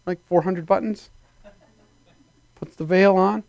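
A man preaches to his congregation in church with a loose, conversational style, using playful put-on voices to act out little scenes. His gravelly voice is a little high for a man, dry and close to the mic with no room sound, at a measured pace with long pauses.

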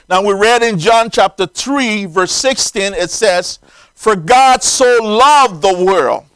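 A man's voice: sits high, a bit bright, clear, resonant tone, no echo, poor audio. A man preaching a sermon in an earnest, emphatic way, stressing single words as he explains scripture.

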